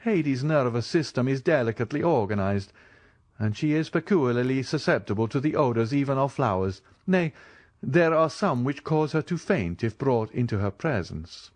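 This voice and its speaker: A man's voice: mid-range voice, expressive, a little mellow, no echo, pitched above the performer's own voice, natural voice. A man reading as a courtly mysterious count. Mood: courteous. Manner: courteous, measured.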